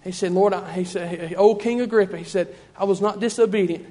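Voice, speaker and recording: A man's voice: high-pitched, fairly even intonation, fairly quick, warm tone, long reverb tail. A man preaching a sermon in a church, fervent and repetitive in his cadence.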